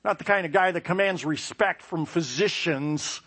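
A man telling a personal story with self-mocking humor, lively sound effects and playful asides. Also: fairly high pitch, normal speed, husky. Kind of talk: personal anecdote.

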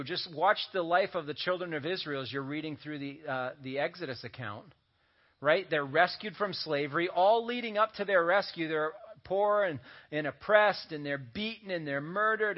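Male pastor preaching, joking asides, lo-fi. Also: on the high side. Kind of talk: sermon. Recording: dull lo-fi audio recording.

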